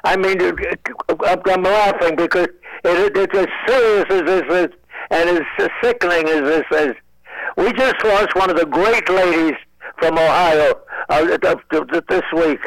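A man's voice: sits high, a little slow, fairly bright tone, no echo, rough recording. A man in his nineties, a comedian guest calling in from home, rambling with stammered restarts and dry wisecracks. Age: 90s. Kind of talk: joking radio interview.

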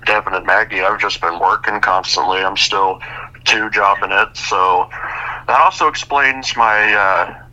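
A man's voice: lowish voice, unhurried, sharp tone, muffled recording. A man, a regular on a radio show, speaking plainly and matter-of-factly.

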